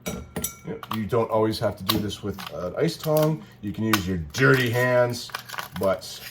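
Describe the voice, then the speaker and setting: A man's voice: on the low side, measured pace. Man, casual home cocktail demo, joking, self-correcting, kitchen, faint background noise. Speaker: cocktail video co-host.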